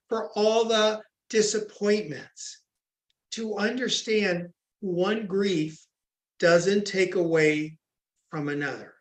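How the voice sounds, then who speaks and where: A man giving a recorded training talk on grief, earnest and emphatic as he tells stories. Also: sits high. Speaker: grief educator. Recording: echoey room.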